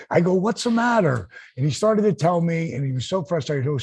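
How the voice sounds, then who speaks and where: A man's voice: on the high side, quick pace, vocal fry, hardly any pauses, husky. A man in his sixties, a podcast host, telling a story in casual talk and acting out the lines he quotes. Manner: animated, acts out quoted lines. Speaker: podcast host, former wrestler.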